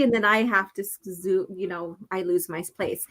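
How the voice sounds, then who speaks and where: A woman co-host chats casually as she reads through a comic. She laughs often and slips into the quoted lines, at a middle pitch. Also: fairly quick, fairly bright tone. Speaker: podcast co-host. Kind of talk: casual chat, reading a comic aloud.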